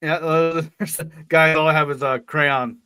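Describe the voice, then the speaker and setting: A man's voice: fairly high pitch, fairly even intonation, slow pace, bright, forceful tone. A man co-hosting a podcast, reading a story aloud and breaking off for jokes and laughs. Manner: joking, laughs between lines. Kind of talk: casual reading with jokey asides.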